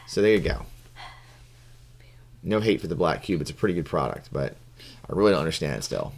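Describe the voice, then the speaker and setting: A man's voice: low-pitched, big pitch swings, fairly quick, creaky. A man co-hosting a tabletop gaming podcast, chatting casually and rambling with lots of fillers and restarts. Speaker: podcast co-host and game judge.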